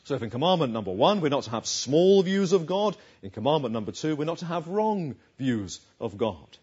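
A man's voice: fairly high pitch, very animated, fairly quick, a little mellow, slightly rough. A man preaching a sermon in a conversational way, asking his listeners questions. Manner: conversational, asks the audience questions. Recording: dull lo-fi recording.

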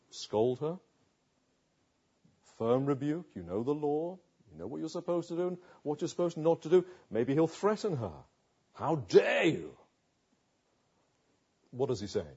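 Husky man preaching a sermon. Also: a little high, warm tone, lo-fi sound. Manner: dramatic storytelling with rhetorical questions.

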